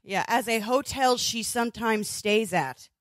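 A woman's voice: on the high side, a little slow, dry recording. Woman, podcast co-host, casual chat, wry asides, dry sound. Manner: brief dry asides and laughs.

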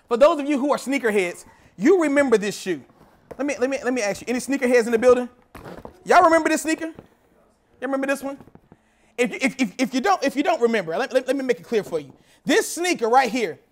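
A young man preaching a sermon, telling a story and repeating phrases as he builds to shouting. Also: very high-pitched. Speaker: pastor.

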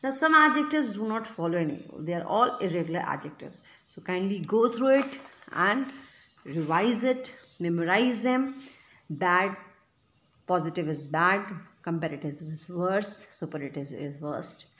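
A woman's voice: on the low side, animated, normal speed, fairly bright tone, echoey room. A woman teaching an English grammar lesson, explaining rules patiently and checking in often with the listener. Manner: patient, repetitive, checks in with "right?" and "okay?".

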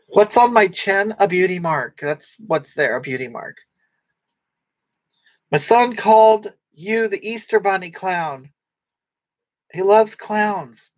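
A brash, crude middle-aged woman, put on by a man, who rambles through a comic livestream with a breathy, halting voice. She keeps restarting her sentences as she reads out chat comments, easily wounded and quick to take offense. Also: high voice, animated. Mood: indignant. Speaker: livestream host reading comments.

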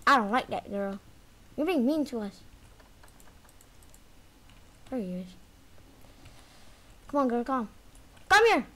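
A woman giving lively commentary while playing a video game, taunting the chaser and yelping when it gets close. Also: fairly high pitch, moderate pace. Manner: animated, talks trash to the game's chaser, sudden yelps and shrieks. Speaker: gaming video creator. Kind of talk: live gameplay commentary.

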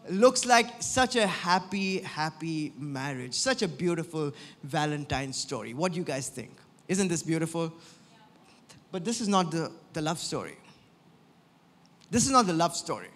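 Brief: male preacher, high-pitched and chatty, telling a story to his congregation in a reverberant church. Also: fairly bright tone. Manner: conversational, frequent "right?" tags. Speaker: pastor. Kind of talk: sermon.

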